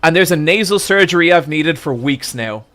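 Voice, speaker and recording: A man's voice: on the high side, expressive, normal speed, fairly bright tone. A man quoting a cheerfully oblivious middle-aged driver in an earnest, easygoing tone while telling a story.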